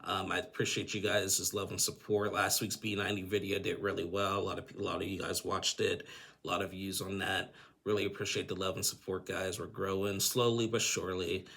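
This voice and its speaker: A man's voice: low-pitched, level tone, fairly quick, vocal fry, a bit bright. A man hosting a casual recap of a reality TV episode for his channel, chatty, often acting out what the people said. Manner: chatty, acts out the couple's lines in quoted voices. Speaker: YouTube recap host.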